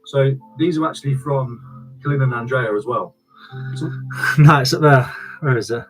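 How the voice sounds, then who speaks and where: A man's voice: mid-range voice, moderate pace, soft background music, low-quality recording. A man chatting casually on a live stream, repeating himself and thanking viewers. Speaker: online reseller and streamer.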